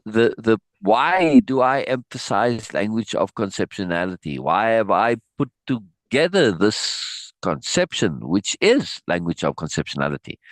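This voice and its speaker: A man hosting a live reading of a book, breaking off for animated, laughing asides with halting restarts. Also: lowish voice, no room sound. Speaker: host reading a book aloud. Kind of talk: live-stream reading with commentary.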